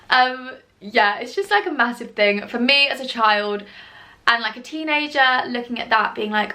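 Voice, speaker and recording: Young woman lifestyle vlogger, casual and gushing, slightly high voice, lots of fillers. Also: normal speed, bright, forceful tone. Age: 20s. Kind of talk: casual chat to camera.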